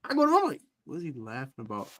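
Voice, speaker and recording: A man co-hosting a casual sports podcast, loud and joking as he tells stories. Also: a little high, huge pitch swings, racing. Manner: loud, joking, mimics an angry fan. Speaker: podcast co-host. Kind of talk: casual chat.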